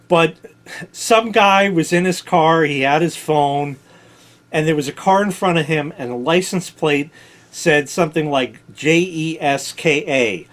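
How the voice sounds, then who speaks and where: A middle-aged man from New York rambles through a story in a loose, blunt way, cursing freely and drifting off on tangents. His voice sits fairly high for a man and swings widely up and down as he talks. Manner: blunt, digressive, swears freely. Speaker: vlog host telling stories.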